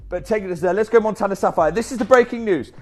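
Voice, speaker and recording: A man presenting a live shopping channel, chatty and energetic with off-script asides. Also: sits high, quick pace.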